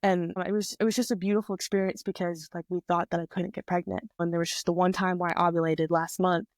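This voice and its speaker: A woman in her twenties, a podcast guest, telling a personal story in a chatty, animated way on a close mic. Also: on the low side, fast, dry recording. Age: 20s. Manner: chatty, animated retelling with quoted voices. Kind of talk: casual storytelling.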